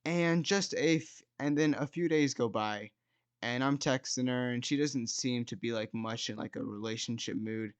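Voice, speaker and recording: A man's voice: medium pitch, moderate pace, clear, resonant tone, no echo. Rambling teen guy telling a storytime. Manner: rambling, self-mocking, peppered with "like" and "dude". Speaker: storytime video host. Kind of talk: casual storytime monologue. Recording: dull, lo-fi, dry sound.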